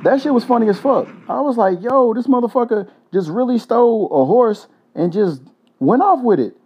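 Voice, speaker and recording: A man's voice: extremely high pitch, lively intonation, moderate pace, husky, highs cut off. A man from Louisville, hosting a solo podcast and ranting in a loose, joking, heavily profane way. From Louisville, Kentucky. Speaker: podcast host.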